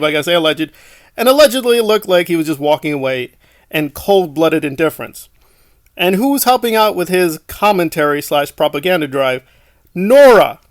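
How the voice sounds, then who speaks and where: High-voiced mocking male commentator. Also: a bit bright, no room sound, clean studio sound. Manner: mocking, scornful. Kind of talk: sarcastic online commentary.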